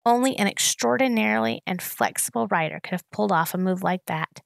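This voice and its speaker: A woman reading a novel aloud in a steady storytelling narration. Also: mid-range voice, fairly quick, creaky, no echo. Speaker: reader.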